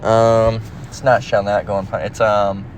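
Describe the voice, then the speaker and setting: A man's voice: fairly low pitch, level tone, moderate pace, slight background noise. A man preaching in a casual, emphatic, profane manner, reading scripture and rambling with restarts, recorded in a car. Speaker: religious teacher.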